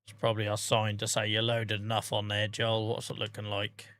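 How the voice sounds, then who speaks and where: Bright-voiced man in his forties, chatty. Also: fairly low pitch, completely flat delivery, brisk. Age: 40s. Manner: chatty, self-mocking, swears lightly, laughs often. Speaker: livestreamer. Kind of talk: casual livestream chat.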